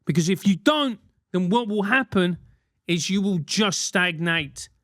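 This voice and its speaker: A man's voice: sits high, animated, measured pace, a bit bright, no echo, clean studio sound. A man in his forties hosting a solo podcast, ranting animatedly with swearing and mock voices. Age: 40s. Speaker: podcast host.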